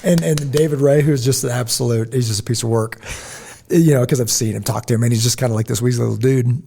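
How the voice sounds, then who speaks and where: A man's voice: medium pitch, steady tone, fast talker, vocal fry, dark tone, slightly rough. A man co-hosting a podcast in casual chat, telling stories animatedly, mimicking people and laughing often. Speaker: podcast co-host.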